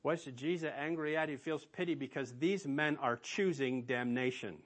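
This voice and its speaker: A man's voice: a little high, moderate pace. A man preaching a sermon as pastor, emphatic and asking rhetorical questions of his listeners.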